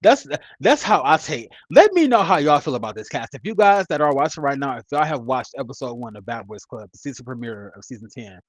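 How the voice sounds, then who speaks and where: A man's voice: medium pitch, very animated, fairly quick, hardly any pauses, no echo, poor audio. A man in his mid-thirties giving casual, rambling commentary as a reality TV reviewer, blunt and profane. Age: 30s.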